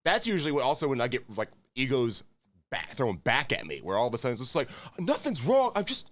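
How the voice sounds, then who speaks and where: A man's voice: medium pitch, very animated, fast, fairly bright tone, no echo. A man who works as a chef, chatting casually on a podcast, swearing freely and acting out his own kitchen rants. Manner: profane, laughing, acts out angry rants. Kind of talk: casual chat.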